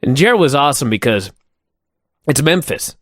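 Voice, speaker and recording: A man's voice: mid-range voice, big pitch swings, moderate pace, a bit bright, no room sound, studio quality. A middle-aged man co-hosting a wrestling podcast, talking with emphatic enthusiasm. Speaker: podcast co-host. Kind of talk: casual wrestling review chat.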